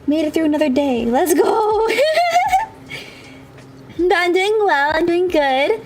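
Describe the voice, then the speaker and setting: A woman's voice: very high-pitched, expressive, slow pace, soft background music. A woman game streamer chatting casually with her viewers, bubbly and chatty, laughing often.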